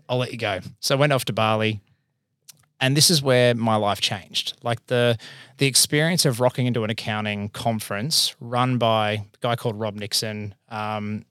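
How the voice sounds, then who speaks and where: An Australian man in his thirties, an accountant and business owner, telling his career story in a casual, animated way, acting out the voices he quotes. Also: medium pitch, dry recording, clean studio sound.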